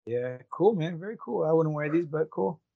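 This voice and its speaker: A man's voice: on the high side, expressive, normal speed, vocal fry, dry recording, lo-fi sound. A man co-hosting a casual fan podcast, joking and teasing his partner. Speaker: podcast co-host.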